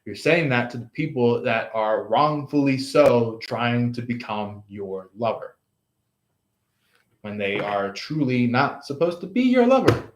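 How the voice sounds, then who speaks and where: A man giving a casual tarot reading, rambling and halting with many fillers. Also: mid-range voice, expressive. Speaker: tarot reader. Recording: roomy echo.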